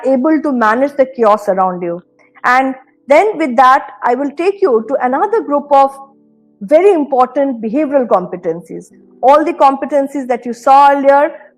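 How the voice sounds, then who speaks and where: High-voiced Indian woman giving career advice. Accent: Indian English. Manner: earnest, advisory, repeats key phrases. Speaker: university administrator giving a talk. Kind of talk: motivational career lecture.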